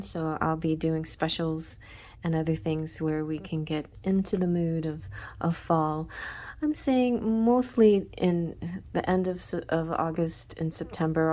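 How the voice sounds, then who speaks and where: A woman hosting her own channel, flipping through a card deck and reading its texts in a soft half-whisper between casual, laughing asides. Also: lowish voice. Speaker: tarot channel host. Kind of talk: deck flip-through review.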